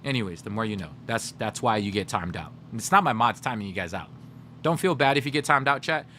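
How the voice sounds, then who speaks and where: Bright-voiced chatty streamer guy. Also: lowish voice, lively intonation, a little fast, a little hiss or hum. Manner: chatty, talks straight to chat, storytelling. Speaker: gaming livestreamer. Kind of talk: casual livestream chat.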